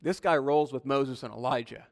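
A man's voice: mid-range voice, moderate pace, gravelly. A man in his thirties preaching a sermon, talking casually and telling stories that act out the people he quotes. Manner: conversational storytelling, acts out quoted voices. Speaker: pastor. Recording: long hall reverb.

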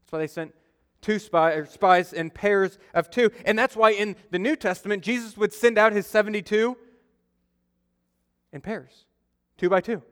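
Young adult male pastor, conversational sermon, smooth voice, long church-hall reverb. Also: high voice, fairly even intonation, moderate pace, a bit bright. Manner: conversational, storytelling with acted-out quotes. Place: church sanctuary.

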